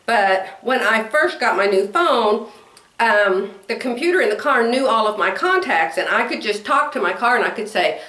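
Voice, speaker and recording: A woman in her sixties talks casually to her viewers, wandering from one thought to the next with frequent laughs. Her voice sits a little high. The room around her is noticeably echoey. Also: a bit bright. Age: 60s. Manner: chatty, rambling, laughs often. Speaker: vlogger. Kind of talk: casual chat to camera.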